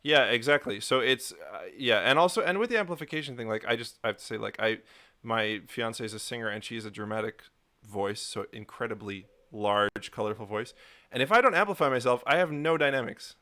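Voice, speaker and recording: Brief: male stream host, mid pitch, bright edgy tone, halting casual talk, reads comments. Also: expressive. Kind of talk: casual livestream chat.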